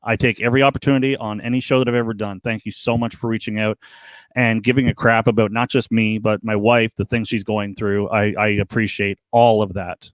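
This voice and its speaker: A man chatting casually on a live stream as a podcast co-host, rambling and earnest, animated when he tells a story. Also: fairly low pitch, a little fast, dry recording.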